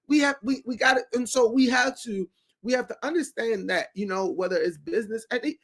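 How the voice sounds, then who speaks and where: A man's voice: very high voice, brisk, fairly bright tone, slightly rough. Emphatic preachy man. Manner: preachy and emphatic, acts out quoted voices. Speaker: talk show guest. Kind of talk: preachy casual talk.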